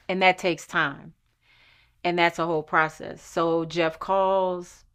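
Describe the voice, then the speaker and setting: Woman telling her own story, slow and earnest, kinda low voice. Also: a bit bright, smooth. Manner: earnest, emphatic retelling. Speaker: storyteller recounting her lawsuit. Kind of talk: personal testimony, conversational.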